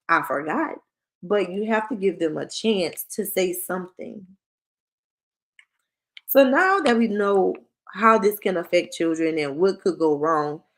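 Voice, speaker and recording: A woman who works as a school counselor, giving a conversational parenting workshop and acting out short parent-child exchanges. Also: lowish voice. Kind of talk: presentation to parents.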